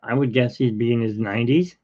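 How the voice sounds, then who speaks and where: A man's voice: medium pitch, steady tone, brisk, dark tone, slightly rough, highs cut off. A man who hosts an art livestream, chatting in a rambling, opinionated way. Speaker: artist, livestream host. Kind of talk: casual livestream chat.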